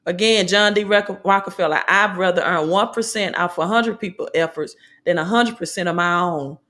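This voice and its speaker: A woman's voice: on the low side, normal speed, a bit bright. A woman with a Southern American accent, hosting a motivational business talk and preaching in repeated slogans and alliterations. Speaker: host.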